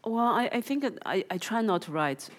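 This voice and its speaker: A woman's voice: mid-range voice, very animated, fairly quick. Chinese-born woman writer, english is her second language, lots of "you know" and restarts. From China. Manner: frequent restarts, many "you know"s, self-described impatient. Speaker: author and filmmaker. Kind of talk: interview with reading from her book.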